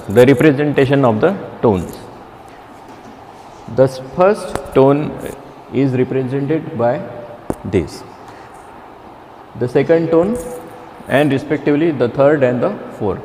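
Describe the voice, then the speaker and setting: A man teaching a beginner Chinese class, speaking haltingly with many restarts and fillers. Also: medium pitch, mellow, long reverb tail, slight background noise. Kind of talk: classroom lecture.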